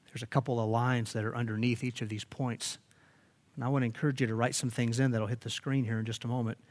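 A man preaching a sermon as pastor, animated and emphatic, often restarting his phrases. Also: medium pitch, fast.

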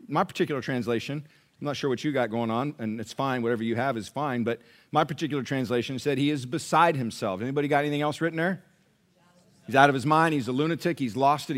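A male pastor preaching a sermon, animated and questioning the congregation directly. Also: medium pitch.

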